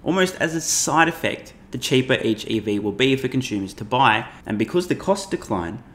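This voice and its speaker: A man's voice: medium pitch, lively intonation, moderate pace, a bit bright, slight background noise. A man hosting his channel, talking through presentation slides with emphatic, profane commentary and laughing at his own jokes. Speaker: finance YouTuber.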